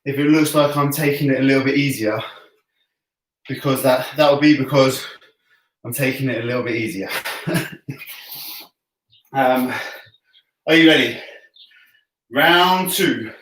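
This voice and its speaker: Breathless coach in an echoey room. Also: male voice, mid-range voice, measured pace, pauses often, a bit bright, recorded from a distance. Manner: chatty, joking, coaxing a pet dog between sets. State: out of breath between sets. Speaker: fitness coach. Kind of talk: live home workout class. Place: room at home.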